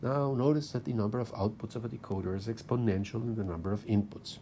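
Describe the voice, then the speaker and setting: A man's voice: fairly low pitch, fast talker, mellow, a little hiss or hum. A man lecturing at university level, explaining step by step as he talks through drawings on slides.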